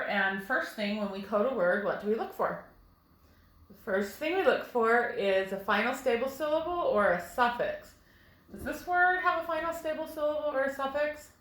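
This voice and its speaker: A woman's voice: mid-range voice, a bit bright. Patient teacher woman in echoey room. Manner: slow, patient, explaining step by step to young children. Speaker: first grade teacher. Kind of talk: recorded phonics lesson.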